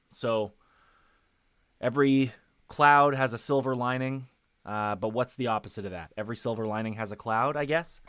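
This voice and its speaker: A man's voice: lowish voice, a bit bright, smooth, no room sound. A man streaming a video game, chatting casually with viewers, rambling with plenty of fillers and restarts. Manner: rambling, self-correcting, lots of fillers. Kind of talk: casual gameplay commentary. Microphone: headset.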